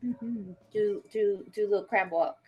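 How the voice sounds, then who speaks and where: A woman's voice: medium pitch, slow, breathy edge, lo-fi sound. A woman playing a tabletop game, giving short laughing reactions. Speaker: player.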